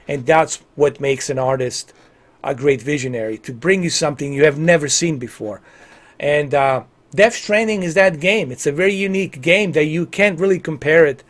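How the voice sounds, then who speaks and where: A man in his forties chatting casually on a gaming livestream, rambling, repeating himself and giving earnest opinions. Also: a little high. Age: 40s. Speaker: livestream gamer.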